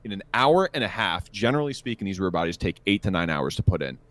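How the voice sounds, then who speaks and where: A man with a very low voice co-hosts a casual podcast. He tells a rambling, profane and animated story about work. The sound is dry and close to the mic. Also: quick pace, no room sound. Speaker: podcast co-host. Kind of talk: casual chat.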